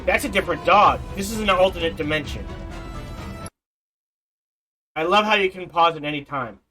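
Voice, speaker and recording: A man's voice: high-pitched, animated, quick pace, bright, forceful tone, faint music behind, poor audio. A man in his forties giving casual, rambling gameplay commentary, often restarting and correcting himself. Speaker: let's play host.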